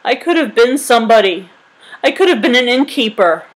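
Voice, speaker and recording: A woman voicing a fussy, fearful lanky male innkeeper, in a high-strung, wailing manner. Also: moderate pace, slightly rough, close to an everyday voice, rough recording.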